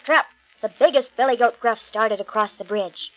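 A woman reads a children's fairy tale aloud in a clear, expressive storybook manner. Her voice sits fairly high, and she shapes the narration gently for young listeners. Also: measured pace, poor audio.

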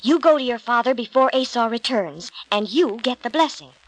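A woman's voice: on the high side, lively intonation, normal speed, no echo, low-quality recording. A woman voicing Rebekah, a firm, scheming mother, in a storybook reading. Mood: insistent. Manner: firm, insistent.

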